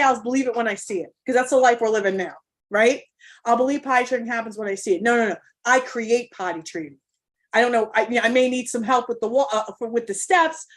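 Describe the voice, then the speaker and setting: A woman coach giving a live online workshop, emphatic and motivational, with casual swearing, speaking into a video call mic. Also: a little high. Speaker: parent coach running a workshop.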